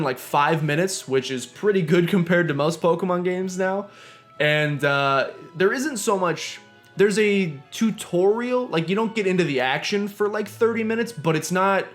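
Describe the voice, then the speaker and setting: Young guy ranting and joking over a game, kinda high voice, music going faintly behind. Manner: joking, ranting, reads game dialogue aloud. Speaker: streamer playing a video game. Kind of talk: casual gameplay commentary.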